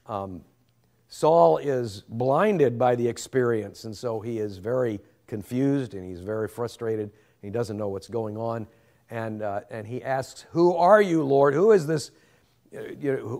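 A man's voice: mid-range voice, darkish tone. Earnest man teaching a Bible lesson. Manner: earnest, reverent, thinking aloud.

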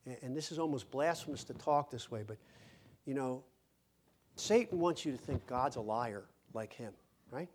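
A man's voice: medium pitch, lively intonation, moderate pace, a little mellow. Emphatic male pastor preaching a sermon. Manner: emphatic, repeats words when stressing a point; asks the congregation questions.

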